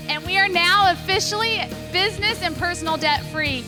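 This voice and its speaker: A woman's voice: extremely high pitch, moderate pace, hardly any pauses, music in the background. A woman from California giving an earnest, emotional testimonial as a seminar speaker on a stage.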